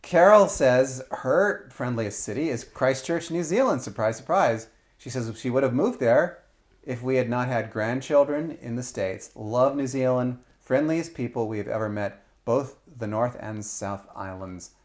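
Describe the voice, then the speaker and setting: A man's voice: mid-range voice, measured pace. A man hosting a casual travel podcast, reading listener comments aloud and chatting with his family. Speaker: podcast host.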